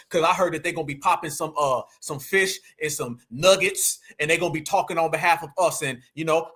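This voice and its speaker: A man's voice: high-pitched, sharp tone. A man hosting a political livestream, delivering a fiery, preachy rant and repeatedly calling his audience family. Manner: preachy, repetitive, calls audience fam. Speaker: livestream host.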